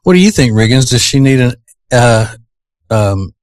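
A man's voice: medium pitch, expressive, normal speed, dry recording. A man with a Southern US accent, hosting a radio morning show in easygoing, self-teasing banter. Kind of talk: casual on-air banter. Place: radio studio. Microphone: studio microphone.

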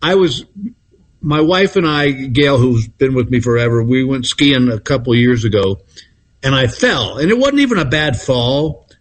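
Comedian guest, 60s, grew up in Texas; relaxed anecdotal delivery, chuckles often. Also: male voice, mid-range voice. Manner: laid-back storyteller, chuckling, drawn-out pauses. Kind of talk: casual anecdote-telling. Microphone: phone call-in.

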